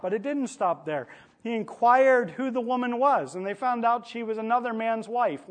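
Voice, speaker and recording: A man with a notably high voice delivers a sermon in an easy, conversational way. He tells stories and slips into the voices of the people in them, speaking to a gathered congregation. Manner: conversational storytelling preacher, acts out quoted lines. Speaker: preacher. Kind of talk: sermon with storytelling.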